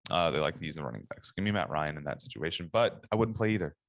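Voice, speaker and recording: Deep-voiced man co-hosting a podcast. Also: lively intonation, fast talker, gravelly, no echo. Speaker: podcast co-host. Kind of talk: casual sports podcast chat.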